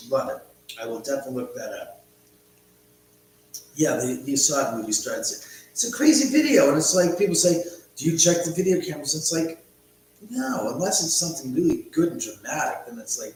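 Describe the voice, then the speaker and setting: Casting: chatty, foul-mouthed man hosting a late-night home livestream, very echoey room with faint hum. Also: medium pitch. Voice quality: rambling, profane, chatty. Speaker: livestream host. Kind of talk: casual livestream chat. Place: his own house, indoors.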